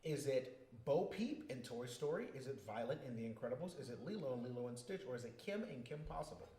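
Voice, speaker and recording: A man hosting a casual podcast trivia game, reading the questions out slowly and turning loud and playful between them. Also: mid-range voice, lively intonation. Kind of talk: casual group podcast chat. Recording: echoey room.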